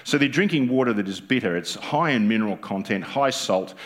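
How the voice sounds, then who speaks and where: An Australian man delivers a sermon as pastor in church, speaking briskly in a fairly low, expressive voice. He's conversational, cracks jokes with the congregation and frequently asks them rhetorical questions.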